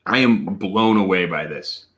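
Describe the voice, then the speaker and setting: A man hosting a casual livestream whiskey tasting. He is excitable and profane, bursts into amazed exclamations, and answers viewer chat. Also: low-pitched, measured pace, a little hiss or hum. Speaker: whiskey reviewer and host.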